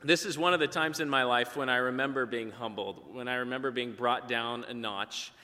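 This middle-aged pastor's mid-range voice is bright and forceful, his pace moderate. His sermon is conversational and built around a story in which he voices the different characters, all captured with long hall reverb.

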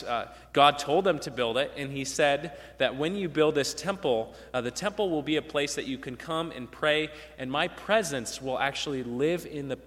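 A man preaching a conversational sermon, telling stories in a relaxed way and often checking in with "right?". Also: mid-range voice. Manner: storytelling, relaxed, frequent "right?" tag questions. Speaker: pastor. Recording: long hall reverb.

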